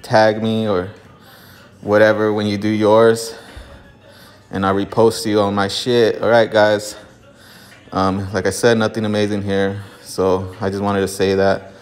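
A man's voice: on the low side, flat delivery, unhurried. A man talking casually to camera in a home garage gym, out of breath from exercise, laid-back and profane, with lots of fillers. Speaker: vlogger opening card packs. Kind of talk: casual vlog talk to camera.

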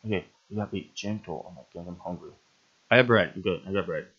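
A man's voice: low voice, fast, a bit bright, slightly rough, muffled recording. A man giving gameplay commentary who laughs often and bursts into sudden yelps. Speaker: gaming channel host.

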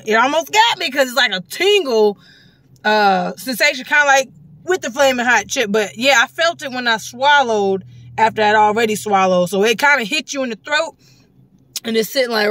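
Bright-voiced woman, slangy taste-test vlog. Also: medium pitch, dry recording. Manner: slangy, animated, bursts into loud exclamations and laughs. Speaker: vlogger reviewing a soda. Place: at a gas station.

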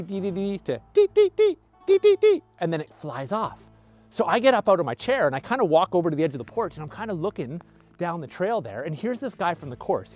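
A man teaching about nature, telling a story to camera with enthusiastic, animated energy. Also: fairly high pitch. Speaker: outdoor nature educator.

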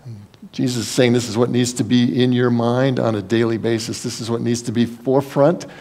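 A pastor preaching a sermon, his voice sitting at a middle pitch for a man. He talks earnestly and conversationally, leaning on folksy asides as he goes. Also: fairly even intonation, a little fast, warm tone.

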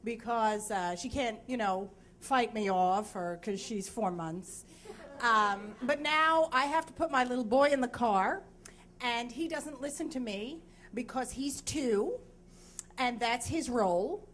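A woman's voice: fairly high pitch, measured pace, a bit bright. A woman in her thirties telling a frank, self-deprecating comic story on stage before a live audience, sounding sleep-deprived.

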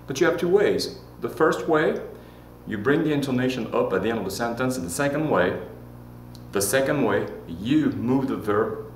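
A man teaching a Spanish lesson in a chatty way, repeating examples slowly and correcting himself as he goes. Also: mid-range voice, roomy sound, a little hiss or hum. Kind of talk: classroom-style language lesson.

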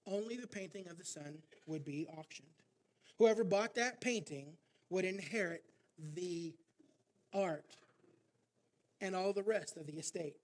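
Insistent auctioneer, read by a pastor in a high male voice, pushes with repeated questions. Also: unhurried, pauses often. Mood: calm.

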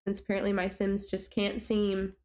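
A woman's voice: medium pitch, monotone, moderate pace, darkish tone. Exasperated young woman narrating gameplay. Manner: exasperated, rambling, talks to her sims. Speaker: gaming YouTuber. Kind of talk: casual gameplay commentary.

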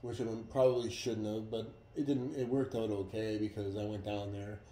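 A man telling a story in a casual, profane, animated way. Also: on the low side, moderate pace. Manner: profane, animated retelling with acted quotes. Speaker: vlogger. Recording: roomy echo.

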